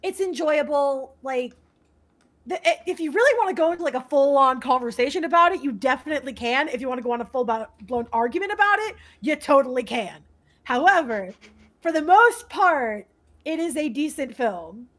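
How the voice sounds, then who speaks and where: High-voiced laughing woman guest. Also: lively intonation, moderate pace, fairly bright tone. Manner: laughs often, loose and self-deprecating. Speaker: podcast guest. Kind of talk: casual chat.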